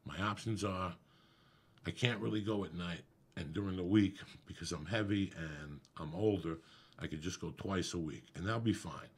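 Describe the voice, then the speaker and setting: Gravelly-voiced man telling a profane story. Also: sits low, normal speed. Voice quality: gravelly, husky. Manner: profane, animated storytelling with acted quotes. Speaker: comedian guest. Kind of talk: casual podcast storytelling.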